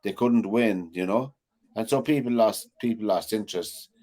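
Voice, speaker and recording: A man's voice: on the low side, normal speed, mellow. A man co-hosting a sports chat show, talking casually and rambling with lots of "you know". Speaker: co-host.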